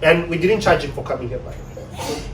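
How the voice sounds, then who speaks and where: A South African man giving an animated motivational talk on relationships to an audience. He acts out the voices of the people he quotes. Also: fairly high pitch, brisk, crowd noise. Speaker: relationship speaker. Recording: echoey room, distant mic, faint hum.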